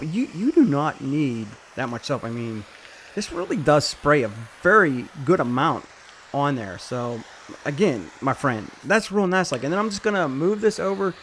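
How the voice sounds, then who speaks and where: A chatty man with a fairly high voice walks through a cleaning tool outdoors, cracking jokes at his own expense. He sounds a little out of breath as he works. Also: fairly bright tone, a little hiss or hum. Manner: joking, chatty, self-deprecating. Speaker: tool reviewer. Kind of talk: casual product demo. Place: outdoors by a truck.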